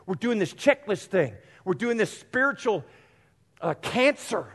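Male pastor, sermon delivery, earnest and direct with his congregation, somewhat high voice, heard in a reverberant sanctuary. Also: big pitch swings, unhurried, a bit bright, breathy edge. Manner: earnest, addresses congregation directly, repeats phrases for emphasis. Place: church sanctuary. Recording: long hall reverb.

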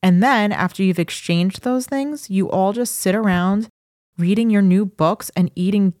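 A woman with a softened New York accent, co-hosting a podcast in casual, chatty conversation. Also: mid-range voice, unhurried, dry recording, studio quality. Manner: chatty, thinks aloud with restarts. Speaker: podcast co-host. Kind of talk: casual chat.

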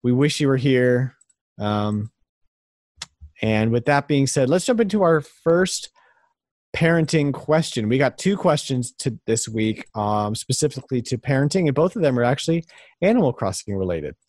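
A man in his thirties co-hosting a casual podcast, talking in a relaxed, rambling, earnest way. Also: mid-range voice, moderate pace, dry recording. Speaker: podcast co-host.

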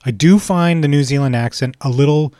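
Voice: medium pitch, a little fast, mellow, no room sound, studio quality. An interviewer asking casual questions in a playful, teasing way.

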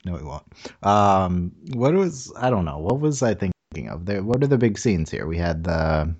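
A man co-hosting a casual movie review chat, talking haltingly with dry humor and frequent laughs. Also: low-pitched, sing-song, a little mellow, lo-fi sound. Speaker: podcast co-host reviewing a movie.

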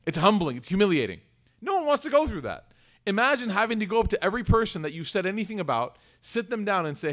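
A man's voice: high-pitched, very animated, quick pace, a bit bright. A man giving a conversational religious lecture, acting out quotes and asking the audience questions. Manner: conversational, acts out quoted voices, asks the audience. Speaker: Islamic teacher. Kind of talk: lecture on scripture.

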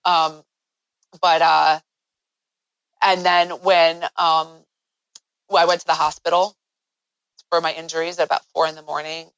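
Interview guest, woman, lower register, earnest storyteller, dry recording. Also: fairly bright tone, dry recording, low-quality recording.

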